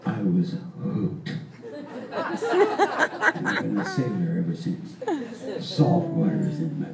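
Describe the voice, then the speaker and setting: Crowd noise surrounds an elderly man, in his eighties, as he tells a wandering folksy story onstage and laughs to himself. His lowish voice swoops wildly in pitch, moves slowly and carries vocal fry. He's a folk performer recorded by a distant mic in a spacious live hall with faint ambience.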